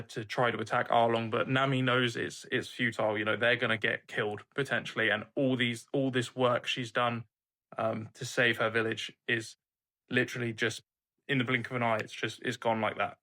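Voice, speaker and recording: A man's voice: medium pitch, pushed and bright. A young man hosting an anime reaction channel, recapping an episode in an earnest, emphatic casual way, swearing freely.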